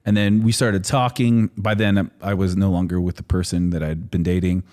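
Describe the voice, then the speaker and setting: A man in his thirties telling a story in relaxed, rambling casual chat as a podcast guest, often laughing and saying "like". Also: sits low, moderate pace. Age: 30s.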